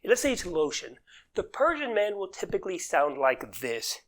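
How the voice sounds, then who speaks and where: A man's voice: high-pitched, normal speed. A man hosting an unscripted comedy business news show, rambling and interrupting himself as he riffs. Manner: rambling, animated, self-interrupting. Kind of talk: freestyle comedic commentary.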